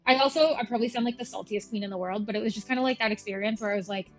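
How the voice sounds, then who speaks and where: A woman's voice: fairly high pitch, rapid-fire, faint music behind. A young woman from Canada chatting casually while playing a game, telling a story and acting out every voice in it, full of slang. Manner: chatty storytelling, acts out both sides of the conversation, slangy. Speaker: gaming streamer.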